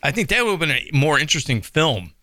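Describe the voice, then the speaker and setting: A man in casual chat about a movie, animated and laughing, acting out his reactions and swearing freely. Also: fairly high pitch, quick pace, no echo, clean studio sound. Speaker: movie discussion co-host.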